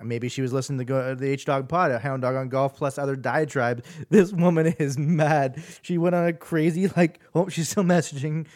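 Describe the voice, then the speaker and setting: A man's voice: fairly high pitch, fairly even intonation, normal speed, hardly any pauses, a little mellow. Male podcast host, easygoing solo monologue with lots of restarts and chuckles. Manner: chatty, amused, trails off and restarts often.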